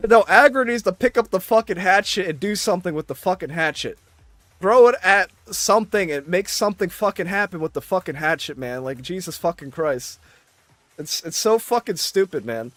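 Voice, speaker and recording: A man's voice: sits high, lively intonation, moderate pace, a bit bright, no echo, soft background music. A man ranting in casual chat, exasperated and swearing constantly.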